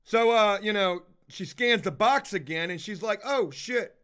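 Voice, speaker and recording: A man's voice: high voice, moderate pace, clean tone. A man hosting a livestream, telling a rambling story in a casual, profane way and acting out both sides of the dialogue. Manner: profane, animated, acts out dialogue. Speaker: livestream host.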